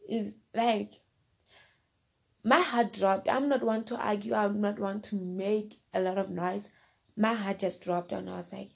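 A woman's voice: mid-range voice, normal speed, vocal fry, darkish tone, breathy edge. A woman casually telling a personal story, rambling and repeating herself, often turning to the listener directly. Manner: rambling, repeats phrases and fillers.

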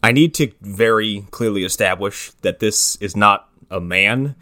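A man's voice: fairly low pitch, a little slow, bright, forceful tone, no echo, clean studio sound. A man co-hosting a podcast, riffing sarcastically while recapping a movie in casual chat. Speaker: podcast co-host.

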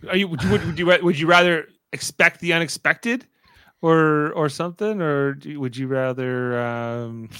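A man's voice: fairly high pitch, moderate pace, pushed and bright, smooth, no echo, studio quality. A man co-hosting a podcast, playful and quizzing the others in casual chat. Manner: playful, quizzing his co-hosts. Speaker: podcast co-host.

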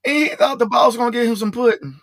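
A podcast host chatting casually, animated and laughing a lot, with drawn-out exclamations. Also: medium pitch, no echo. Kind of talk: casual chat.

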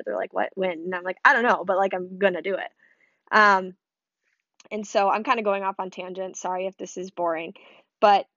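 A woman's voice: medium pitch, fairly bright tone, dry recording, lo-fi sound. Chatty young woman from Michigan. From Michigan, USA. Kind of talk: casual personal vlog storytelling.

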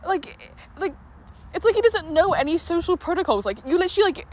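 A woman's voice: extremely high pitch, brisk. A young British woman chatting casually as a podcast co-host outdoors in a forest, talking animatedly with lots of fillers. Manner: animated, many fillers, frequent laughter. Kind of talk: casual chat.

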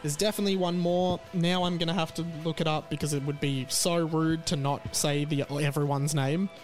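A man's voice: on the high side, fairly even intonation, brisk, soft background music. A man hosting a podcast, chatting casually and rambling through plugs with plenty of fillers. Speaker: podcast host.

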